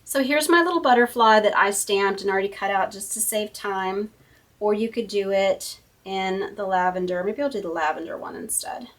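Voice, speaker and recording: A woman's voice: mid-range voice, moderate pace, distant mic. A woman hosting a casual card-making tutorial at her craft table, chatty and thinking aloud as she works. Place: home craft room.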